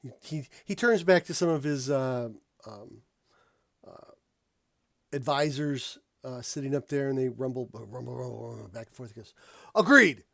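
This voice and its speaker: Gravelly halting game master man. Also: medium pitch, no room sound. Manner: halting, repeats words. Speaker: dungeon master. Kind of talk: narrating a tabletop game. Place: home setup, online stream.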